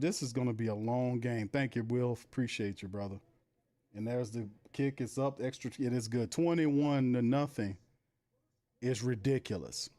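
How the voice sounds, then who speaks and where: Laughing, fired-up sports watch-party host. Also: male voice, mid-range voice. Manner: animated, laughing, reads chat aloud, play-by-play. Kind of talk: casual live game commentary.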